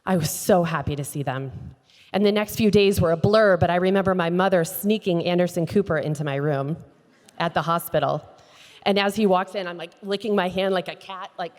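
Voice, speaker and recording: A woman giving an inspirational speech on a conference stage, telling a personal story with expressive delivery and acting out the dialogue. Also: lowish voice, normal speed. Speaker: keynote speaker. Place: conference stage in a large hall. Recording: long hall reverb.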